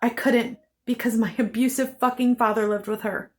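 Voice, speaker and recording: A woman's voice: on the high side, fairly even intonation, normal speed, a little mellow. Intense, swearing woman venting about her childhood. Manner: intense, bitter, heavy swearing; repeats phrases for emphasis. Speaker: vlogger. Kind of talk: emotional personal storytelling.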